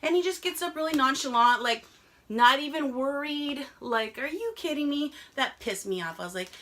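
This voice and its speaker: A woman co-hosting a casual podcast chat, animated and blunt, swearing and dropping in Spanish words. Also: sits high, normal speed. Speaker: podcast co-host.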